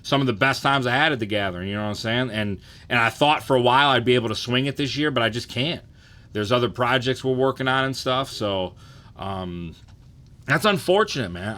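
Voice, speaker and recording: This livestream host, a man in his thirties, keeps things loose and profane, often throwing in "you know what I'm saying". His mid-range voice has lively intonation and a sharp tone, moving a little fast.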